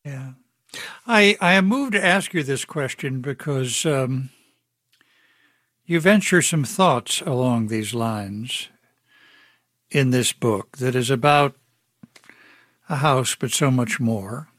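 A male host leads a broadcast interview with a mid-pitched voice. He asks his questions in a measured, considered way. The recording is close and dry. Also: lively intonation, a bit bright, no room sound.

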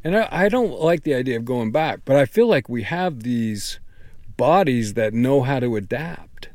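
A man's voice: mid-range voice, animated, normal speed, a little mellow, no room sound. Man, interview guest, author and teacher, earnest, thinks aloud, dry close recording. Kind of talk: conversational interview.

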